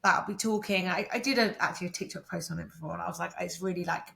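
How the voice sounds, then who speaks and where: A woman's voice: on the low side, racing, creaky, a bit bright. An Englishwoman with an English accent, co-hosting a podcast and rambling casually, full of "like" and acted-out quotes. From England. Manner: rambling, lots of "like", acts out quotes. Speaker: podcast co-host. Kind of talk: casual chat. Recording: roomy echo.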